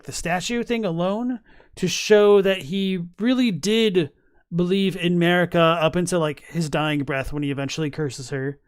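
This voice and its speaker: A man's voice: high-pitched, clean tone, dry recording, clean studio sound. A man casually chatting on a live stream, thinking aloud with many fillers and restarts while reading chat messages. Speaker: streamer reacting to game lore.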